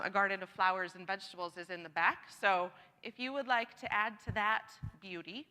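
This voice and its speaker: Bright, chatty woman leading a church gathering. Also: a little high. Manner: chatty and encouraging, laughs often. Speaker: church worship leader. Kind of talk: leading a congregation sharing time. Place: church sanctuary. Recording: long reverb of a church hall.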